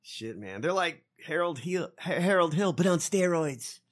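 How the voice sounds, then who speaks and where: A man's voice: fairly high pitch, expressive, unhurried. A man co-hosting a podcast in casual chat, mocking and swearing often. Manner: profane, laughing, mocking. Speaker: podcast co-host.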